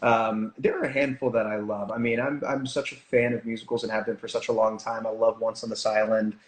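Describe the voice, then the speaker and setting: A man chatting as an interview guest, telling stories in an animated way with quick asides. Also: lowish voice. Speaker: guest, stage performer. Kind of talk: casual interview chat. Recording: echoey room.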